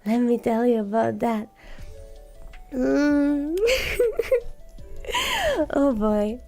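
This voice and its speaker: A woman streamer chatting casually in a soft, slow, cozy way while sick with a scratchy, sore throat. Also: on the high side, vocal fry, faint music behind. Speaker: vtuber streamer. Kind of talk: casual chat.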